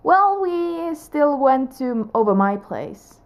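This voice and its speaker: Young woman, high voice, slow easy pace, chatty vlog story, rambling with restarts. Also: very animated. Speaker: vlogger. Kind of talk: casual storytelling to camera.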